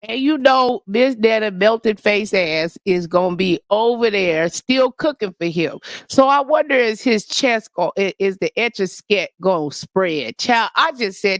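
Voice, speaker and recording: A woman's voice: medium pitch, expressive, unhurried, no echo, studio quality. A woman hosting a casual livestream, talking in a brash, profane, gossipy rant. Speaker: livestream host.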